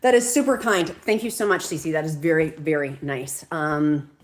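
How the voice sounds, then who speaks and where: A woman's voice: sits low, normal speed. Chatty, gushing woman in an echoey room. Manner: gushing, chatty, reads viewer comments aloud. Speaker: host of a live weight loss stream. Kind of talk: casual live-stream chat reading comments. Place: room at home. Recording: echoey room, faint noise.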